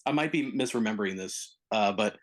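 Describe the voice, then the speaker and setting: A man's voice: fairly low pitch, brisk. A man on a casual film podcast who talks in an enthusiastic, rambling way, hedging as he goes. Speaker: podcast co-host.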